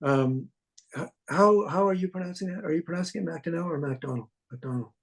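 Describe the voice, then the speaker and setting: A Canadian author and documentarian with a high-sitting voice answers interview questions haltingly, with many restarts and fillers. The recording is rough.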